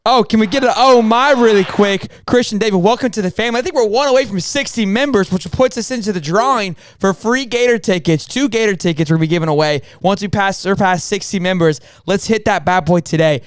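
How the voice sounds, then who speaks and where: A hoarse man hosts a sports live stream, his voice pitched high yet still clear despite being worn out. He rambles with hyped energy and keeps calling out to his audience. The sound is dry and close, with no room around it. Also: fairly quick, few pauses, no room sound. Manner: hyped, rambling, calls listeners boys and girls. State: hoarse, voice partly gone. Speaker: sports show host. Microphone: studio mic on a stream.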